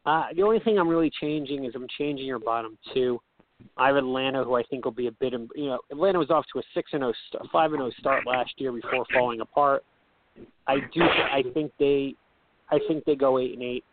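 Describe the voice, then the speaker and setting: A man's voice: medium pitch, a little hiss or hum. Mumbling man on a tinny phone line. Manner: halting, repeats words, hard to hear. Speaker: radio sports show co-host. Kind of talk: sports radio talk.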